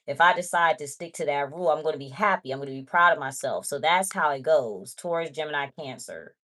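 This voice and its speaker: A woman's voice: low-pitched, expressive, fast, hardly any pauses, fairly bright tone. A woman giving a casual tarot reading, chatty and blunt, talking straight to her viewers. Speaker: tarot reader.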